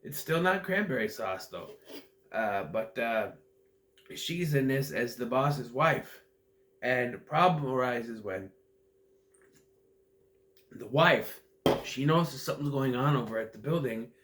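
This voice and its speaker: A man's voice: medium pitch, animated, measured pace, long pauses, a bit bright, a little hiss or hum. A man giving a casual, rambling movie recap that meanders and often loses its thread. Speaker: movie reviewer.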